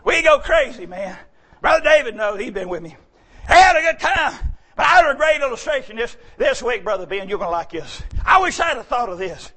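A man's voice: very high-pitched, sing-song, fairly quick. A male pastor, preaching a sermon in an emphatic, folksy way. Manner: emphatic, folksy, bursts into shouting.

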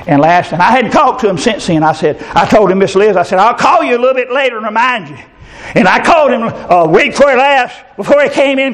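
An older man preaching a fervent sermon, his voice leaping up into shouts at its peaks. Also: sits high, animated, fairly quick. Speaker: pastor.

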